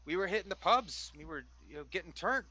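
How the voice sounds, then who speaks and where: Guy playing a cocky hungover barfly, slangy, mumbly, bright voice, dry sound. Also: sits high, animated, fast, no room sound, pitched above the performer's own voice, full character voice. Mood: evasive. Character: hungover young male thug, cocky barfly.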